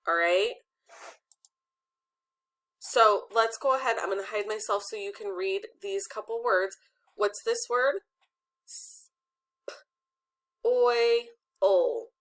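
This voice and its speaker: A woman teacher leads a children's phonics lesson, speaking slowly and deliberately. She patiently asks questions and leaves room for her pupils to answer, in a mid-range voice recorded on a computer webcam. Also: medium pitch, a bit bright.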